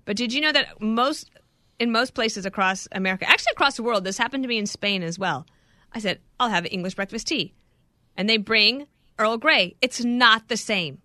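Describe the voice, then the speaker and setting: A woman co-hosting a podcast, chatting casually with quick jokes and asides. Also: fairly high pitch, pushed and bright, dry recording, clean studio sound. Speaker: podcast co-host. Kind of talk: casual chat.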